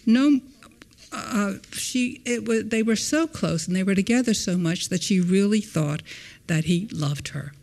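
Woman historian, lecture reading in a hall, expressive emphasis, brief asides to the audience. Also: a little slow. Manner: expressive reading with wide swings in pitch and loudness; adds brief spoken asides between readings. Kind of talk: reading a prepared lecture aloud.

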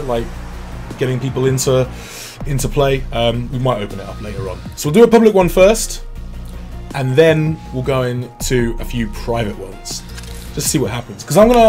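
A man's voice: mid-range voice, darkish tone. A British man hosting a game livestream, chatting casually, reading out viewer messages and joking at his own expense. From Britain. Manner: chatty, self-deprecating, reads out chat messages. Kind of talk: casual gameplay commentary.

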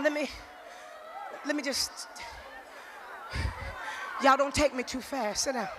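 A woman preacher giving an impassioned live sermon. She often shouts and repeats phrases rhythmically. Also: high voice, expressive, a little slow, pauses often, crowd noise. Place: conference hall. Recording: noisy live hall recording.

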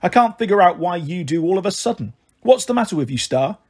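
A blunt, sensible teenage girl, voiced by a man reading a storybook. She talks in a plain, reproachful way, her voice slightly husky and a touch high. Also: very animated, fast talker, a little mellow, full character voice.

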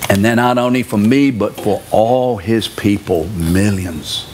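A man's voice: fairly low pitch, unhurried, a little mellow, slight background noise. A man in his seventies preaching a sermon in a church, driving his point home by repeating key words and throwing questions at the congregation. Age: 70s.

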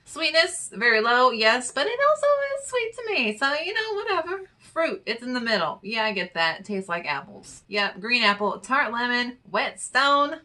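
A woman's voice: fairly high pitch, sing-song, moderate pace, hardly any pauses, bright, forceful tone. A woman vlogger chatting casually and playfully as she reads wine charts aloud, with muttered asides. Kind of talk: casual chat reading infographics aloud.

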